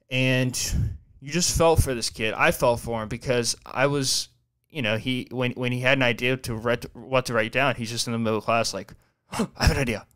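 A man's voice: mid-range voice, a bit bright, clean tone. A young man hosting a podcast, telling a long story in a rambling, profane way, full of fillers and restarts. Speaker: podcast host. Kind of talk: casual storytelling chat.

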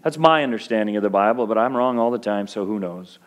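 A man's voice: fairly low pitch, fast talker, dull audio. A middle-aged male pastor preaching a sermon in a conversational way that rises to fervent peaks.

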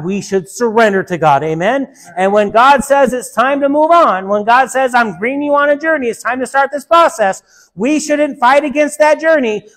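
A woman preacher delivering a sermon emphatically, asking her listeners rhetorical questions and calling for an amen. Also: fairly high pitch.

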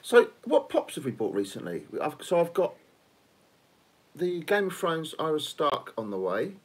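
A man's voice: fairly high pitch, sing-song, moderate pace, breathy edge. A man co-hosting a casual live stream, teasing viewers and swearing freely.

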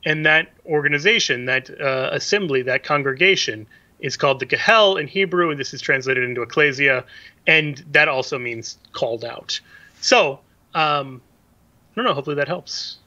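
Bright-voiced man explaining. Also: fairly high pitch, normal speed, lo-fi sound. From middle United States. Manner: explanatory, thinks aloud with fillers. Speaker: radio show guest answering questions. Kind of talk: explaining on call-in radio.

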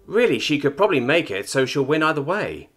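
A man narrating a sci-fi story from a script, with a lively, varied delivery and light character voices. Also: fairly high pitch, a little fast, faint music behind.

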